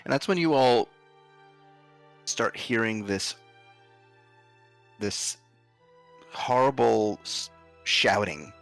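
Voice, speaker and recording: A man narrating as game master of a tabletop game, in relaxed speech with frequent ums and uhs. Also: lowish voice, takes it slowly, gravelly, pauses often, faint music behind.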